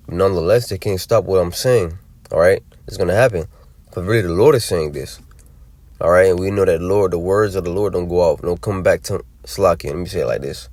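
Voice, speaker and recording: Deep-voiced man preaching with drawling asides. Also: darkish tone, no echo. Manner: drawling, many fillers and tag questions. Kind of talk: scripture teaching.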